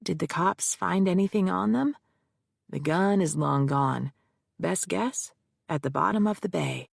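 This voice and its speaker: A woman reading an audiobook, voicing a gruff male detective in clipped, terse lines. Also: fairly low pitch, measured pace, no echo, studio quality, heavily acted. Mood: curt.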